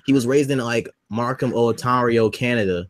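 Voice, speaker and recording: A man co-hosting a podcast in casual chat, loud and teasing, swearing often. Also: mid-range voice, normal speed, low-quality recording. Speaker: podcast co-host.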